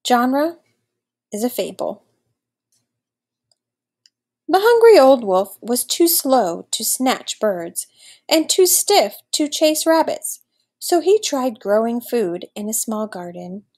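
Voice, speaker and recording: A woman reading a fable aloud for children, slow and expressive. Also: a little high. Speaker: reader. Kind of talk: storybook read-aloud.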